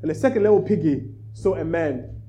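A man preaching to a church, telling a children's story with lively energy. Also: fairly high pitch, fairly quick, rough recording. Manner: animated storyteller, rising in volume. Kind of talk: sermon with storytelling.

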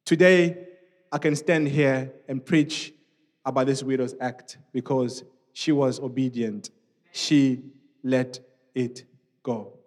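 A man preaching a sermon in a church, speaking in an animated, conversational way with many asides to the congregation. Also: mid-range voice, slow pace, pauses often. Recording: long reverb of a church hall.

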